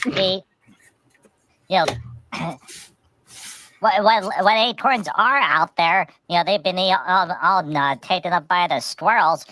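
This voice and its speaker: Rambling low-voiced woman host. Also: a bit bright, rough recording. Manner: halting, many restarts and "you know". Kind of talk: rambling comic storytelling.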